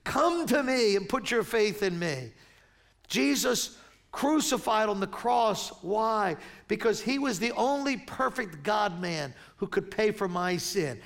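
A middle-aged man delivers a sermon as pastor. His voice sits high and carries a gravelly edge. He talks conversationally and stumbles and restarts mid-story. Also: lively intonation, slow, a bit bright. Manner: conversational, stumbling restarts when telling stories.

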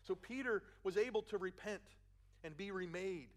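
A man with a Philadelphia accent preaching a sermon, acting out the quotes and dropping his voice low for emphasis. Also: normal speed. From Philadelphia, USA. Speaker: pastor.

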